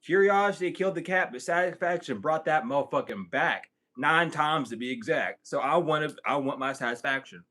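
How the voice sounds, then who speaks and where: A man with a bright, forceful voice that sits a little high holds a loose Q&A session. He jokes and rambles off the cuff, swearing freely. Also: expressive, fairly quick, hardly any pauses. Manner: joking, profane, rambling. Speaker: spiritual content creator answering questions. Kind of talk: casual livestream Q&A.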